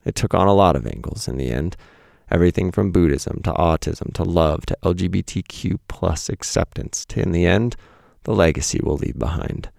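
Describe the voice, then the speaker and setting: Very deep gravelly man, podcast host. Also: moderate pace, a little mellow, no echo, clean studio sound. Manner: reflective, candid. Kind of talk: reading a personal essay on a podcast. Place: home in Montana.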